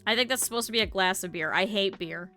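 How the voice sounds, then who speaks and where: A woman streamer chatting casually to her live chat, blunt and swearing freely, with lively quoted asides. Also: mid-range voice, fast, soft background music.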